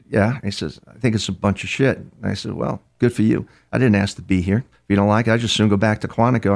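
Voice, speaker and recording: An older man answers interview questions as a criminal profiler, his voice low and full of gravelly fry. He tells his stories haltingly, stumbling over repeated words, and slips into the voices of the people he quotes. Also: darkish tone.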